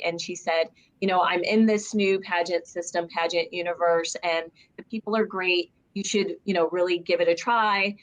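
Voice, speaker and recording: A woman sharing memories in a casual video call, upbeat and chatty. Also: medium pitch.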